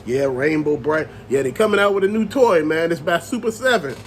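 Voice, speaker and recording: Animated high-pitched man ranting. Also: a little fast, a little hiss or hum. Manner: loose, animated rant with slang and cussing. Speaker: channel host. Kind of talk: ranting to camera.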